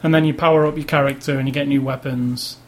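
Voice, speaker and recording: A man's voice: medium pitch, fairly even intonation, fast. Male podcast co-host, loose rambling delivery, jokey with frequent laughs. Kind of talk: casual chat.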